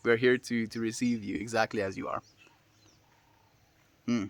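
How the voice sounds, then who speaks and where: A man hosting a daily livestream, reading chat comments aloud and answering them in a relaxed, friendly way with lots of fillers. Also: mid-range voice, normal speed. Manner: relaxed and friendly, many fillers, laughs often. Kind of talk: casual chat.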